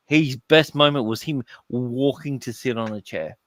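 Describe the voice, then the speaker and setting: A man co-hosting a podcast in casual chat, excitable and profane, repeating words as he goes. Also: medium pitch, moderate pace, dry recording. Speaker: podcast co-host.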